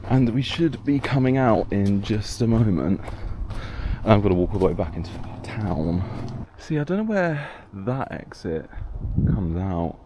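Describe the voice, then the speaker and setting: A man's voice: on the low side, sing-song, a little slow, background noise. A man talking casually while out on a hill walk, rambling and self-mocking with the odd swear word, a bit out of breath. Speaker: vlogger. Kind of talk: casual hiking vlog. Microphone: handheld camera.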